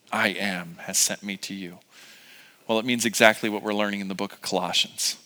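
A man's voice: medium pitch, pushed and bright, big-room sound. A middle-aged man preaching a sermon as pastor, in a casual, joking, conversational way with many fillers.

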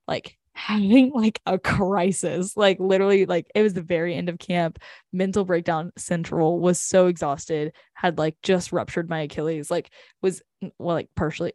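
Young woman podcast co-host, low-set voice, rambling casual chat full of fillers, dry close sound. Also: a little mellow, no echo. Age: young adult. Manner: rambling, heavy use of "like".

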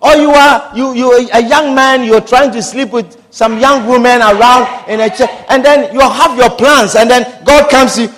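A man's voice: very high voice, moderate pace, fairly bright tone. A man preaching a sermon with passion, repeating phrases and calling out hallelujah and amen. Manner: impassioned, repetitive, calls out hallelujah and amen.

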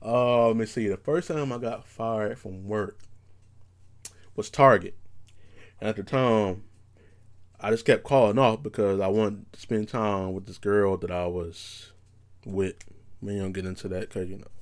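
A man's voice: fairly low pitch, darkish tone. Laid-back young man telling stories. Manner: laid-back, profane, rambling with lots of fillers. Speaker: podcast host. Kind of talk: casual storytelling monologue.

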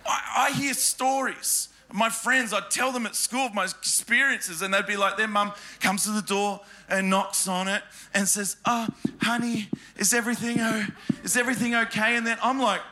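A man with a high voice and a very bright, sharp tone tells comic stories to a crowd. He talks in an animated way, breaks into laughter often and adds his own sound effects. A faint hiss sits under the voice. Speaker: speaker telling funny stories to an audience. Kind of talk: comic storytelling to a live crowd.

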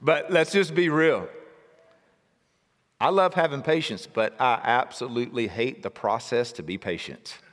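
A man preaching a sermon in a casual, jokey storytelling way, breaking into shouted outbursts. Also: medium pitch, measured pace, long reverb tail. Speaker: pastor.

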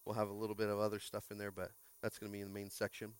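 A man's voice: on the low side, completely flat delivery, racing, clean tone, dry recording. A man preaching a casual, joking sermon as pastor, chatting with the congregation and stumbling through restarts and fillers. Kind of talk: casual sermon with crowd interaction. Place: church sanctuary.

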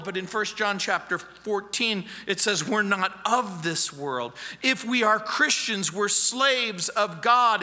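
Pastor guy preaching slow and emphatic, high bright voice, long echo in a church. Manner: emphatic, repeats key phrases. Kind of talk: sermon.

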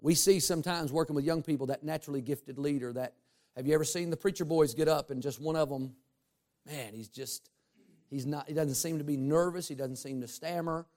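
Male pastor, high-pitched, lively humorous sermon delivery. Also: a little fast. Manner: animated, humorous preaching with rising emphasis and asides to the congregation.

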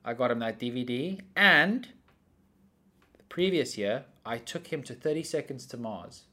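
A young adult man in casual chat, telling rambling stories in animated bursts. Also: medium pitch, moderate pace. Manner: rambling, animated storytelling that often breaks into laughter.

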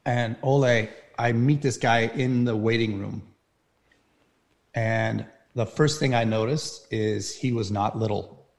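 A man telling an earnest, halting personal story as an interview guest. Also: mid-range voice, creaky. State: near tears at times. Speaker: firefighter guest.

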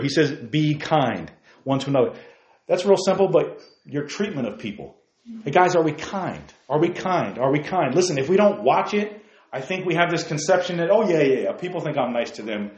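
Conversational pastor preaching in an echoey church. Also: male voice, on the high side, dull audio. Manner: conversational, asks the congregation questions. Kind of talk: sermon.

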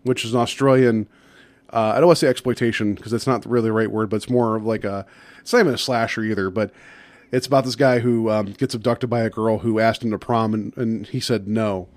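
A man's voice: on the low side, steady tone, a little fast, dry recording. A man co-hosting a podcast in casual chat, rambling and upbeat with lots of fillers. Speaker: podcast co-host.

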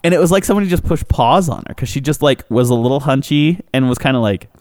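A man's voice: medium pitch, quick pace, no room sound, studio quality. A man co-hosting a podcast, telling a funny story in casual chat, laughing often and acting out what people said. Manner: animated storyteller, acts out quotes, laughs often. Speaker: podcast co-host.

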